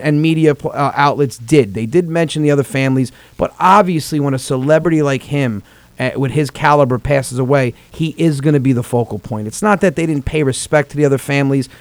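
A man's voice: on the high side, a little mellow, no room sound. A man in his thirties with a New York-New Jersey Italian-American accent, speaking earnestly and emotionally on a comedy podcast, swearing and repeating words as he gets worked up.

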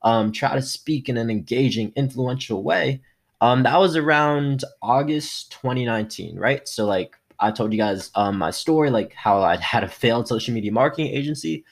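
A young man hosting his own solo motivational podcast, talking energetically and shifting his tone and loudness often. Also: mid-range voice, moderate pace, vocal fry. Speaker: podcast host.

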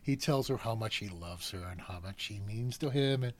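A man's voice: lowish voice, moderate pace. A middle-aged man, a cable car gripman, telling stories as an interview guest and acting out the voices of people in them. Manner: animated storyteller acting out voices. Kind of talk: storytelling in a podcast interview.

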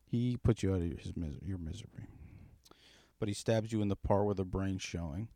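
Low, dark-voiced man telling profane tales. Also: moderate pace, vocal fry, no room sound, clean studio sound. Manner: profane, rambling, darkly joking storyteller. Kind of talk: casual chat, spinning a long comic story.

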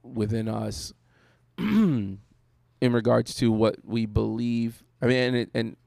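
A man, a pastor, talking through faith in a casual discussion, animated and storytelling, with bursts of acted-out voices. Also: mid-range voice, takes it slowly, vocal fry, dry recording, clean studio sound.

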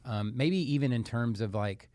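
A man co-hosting a podcast, thinking out loud in a reflective, casual manner. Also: mid-range voice, normal speed, no room sound. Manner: reflective, thinks aloud with light laughs. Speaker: podcast co-host.

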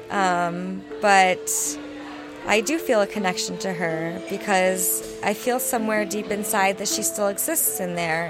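A woman in her late twenties being interviewed backstage, thoughtful and candid, slowing down to weigh her words. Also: mid-range voice. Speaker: interview guest. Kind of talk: reflective interview. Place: backstage after the show.

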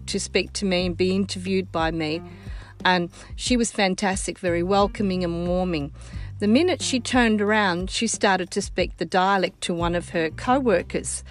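An older woman with an Australian accent hosting a casual chat, telling stories in a warm, heartfelt way. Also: medium pitch.

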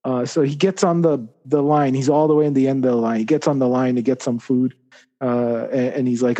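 A man telling a parable as a podcast guest, halting often with fillers and restarts. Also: mid-range voice, steady tone, dark tone, lo-fi sound. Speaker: guest storyteller. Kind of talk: spoken parable storytelling.

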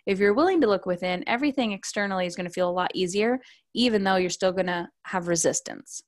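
Lively woman coach telling stories. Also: medium pitch, fast. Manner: lively storytelling, acting out quoted voices. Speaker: parenting coach and podcaster. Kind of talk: conversational podcast interview.

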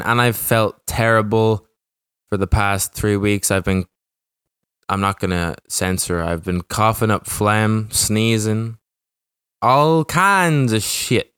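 Rambling young male podcast host, crisp voice. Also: fairly low pitch, fairly bright tone, dry recording, clean studio sound. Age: young adult. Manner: rambling, profane, restarts sentences. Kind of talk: casual podcast monologue.

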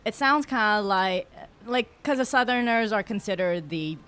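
A woman's voice: a little high, unhurried, fairly bright tone, smooth. A woman guest on a podcast, born in Vietnam and raised in the United States, chatting casually with lots of fillers and playful asides. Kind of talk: casual chat.

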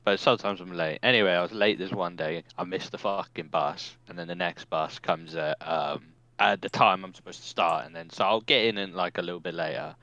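Young man, low voice, bright tone, casual podcast chat, laid-back storyteller, swears a lot. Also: fairly quick, hardly any pauses, dry recording, muffled recording. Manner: laid-back storytelling, swears often, laughs through stories. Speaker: podcast co-host.

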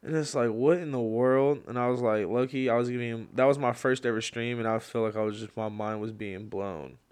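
A young podcast host talks on his own at an ordinary middle pitch, rambling through a story full of slang and fillers. When a topic gets to him he turns loud and worked up, ranting with energy. The whole thing has a casual, off-the-cuff feel. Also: steady tone, brisk, clean tone. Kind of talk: casual solo podcast chat.

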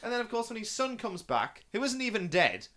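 A young man hosting a casual film chat, rambling with fillers and restarts and bursting into excited impressions. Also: high-pitched, fairly quick. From Northeast England. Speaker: podcast host.

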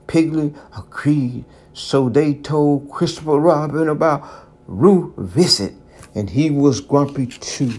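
A reader slowly reading a children's story aloud, halting now and then with small slips. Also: medium pitch, slightly rough.

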